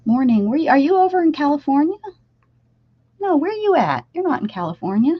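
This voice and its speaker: A woman's voice: high voice, very animated, fairly quick, no room sound. A woman from Pennsylvania hosting a casual art livestream, chatting directly to her viewers while drawing and sometimes dropping into a whisper. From Pennsylvania, USA. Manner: chatty, talks straight to viewers, drifts into whispers. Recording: slightly dull lo-fi stream audio.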